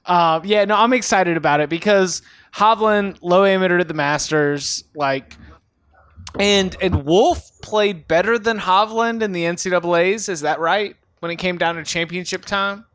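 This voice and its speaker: A man's voice: sits high, moderate pace, fairly bright tone, smooth, no room sound. A man co-hosting a casual sports podcast, making dry joking asides. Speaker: podcast co-host.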